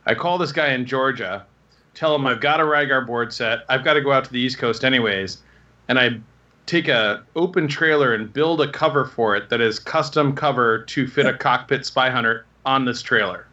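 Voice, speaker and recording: A man in his thirties telling rambling, animated anecdotes in casual conversation. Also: mid-range voice, normal speed, muffled recording. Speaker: guest telling stories. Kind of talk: casual storytelling.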